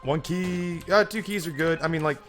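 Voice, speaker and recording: A man's voice: on the high side, normal speed, a bit bright, faint music behind. A man casually commenting on a video game and telling a long joke, with frequent stammered restarts.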